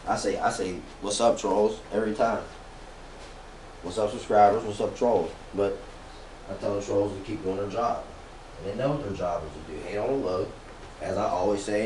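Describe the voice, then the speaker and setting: A man giving a casual, profane motivational rant as a vlogger, talking slangy and sometimes drawing words out slowly. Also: lowish voice, darkish tone, a little hiss or hum.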